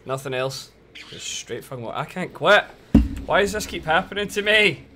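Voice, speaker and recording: A man's voice: fairly high pitch, expressive, normal speed, sharp tone. A Scottish man streaming a game, chatting casually, swearing freely and laughing often. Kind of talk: casual gaming chat. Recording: noisy game stream audio.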